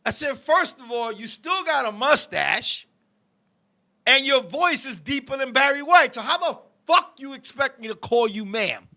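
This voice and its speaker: A middle-aged man hosts a live-stream talk show, telling a story in a heated, profane rush. His voice sits unusually high for a man, with a sharp, bright edge. He keeps turning to his co-host and his viewers as he talks. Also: expressive, a little slow.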